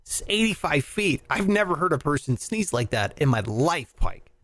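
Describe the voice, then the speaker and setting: A man hosting a casual chat show, telling an animated story with lots of laughter and acted-out voices. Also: on the high side, moderate pace, no room sound, clean studio sound. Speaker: podcast host.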